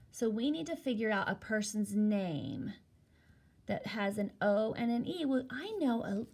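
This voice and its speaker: A woman teaching a phonics lesson to young children, slowly and patiently spelling words out letter by letter. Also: a little high, a little mellow.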